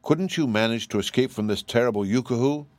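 A man's voice: mid-range voice, a little fast, no room sound, natural voice. A man voicing a sorrowful canary fairy. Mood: sad. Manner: soft, sorrowful. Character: sad gentle female fairy turned canary.

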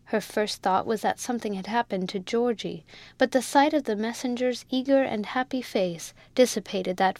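A woman narrating a classic novel in a measured, expressive audiobook reading. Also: on the high side, no room sound. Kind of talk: scripted narration.

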